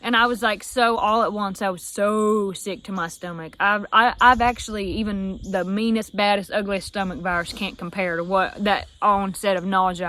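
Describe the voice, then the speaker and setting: A young woman with a Southern US accent telling a story casually, acting out the voices she quotes. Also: mid-range voice. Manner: animated, acts out quoted voices. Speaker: vlogger.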